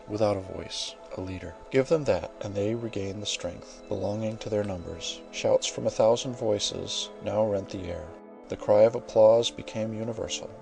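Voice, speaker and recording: A man narrating a classic novel in a measured, formal storytelling manner, heard over faint background music. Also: fairly low pitch, vocal fry, dark tone. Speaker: audiobook narrator.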